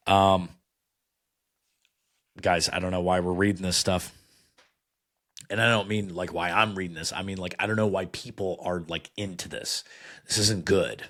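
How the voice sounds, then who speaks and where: A man with a somewhat low voice hosts a podcast and reads card meanings aloud one by one. He picks them apart bluntly, with dry sarcasm and plenty of "um" and "okay". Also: bright, forceful tone. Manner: sarcastic, blunt, with frequent fillers. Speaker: podcast host. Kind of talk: critical commentary reading card meanings aloud.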